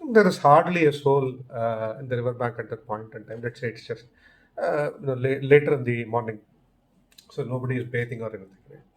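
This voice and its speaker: Guy casually telling a fireside story, relaxed, lots of uh and you know. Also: mid-range voice. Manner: easygoing, unhurried, with many fillers and restarts. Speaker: storyteller host.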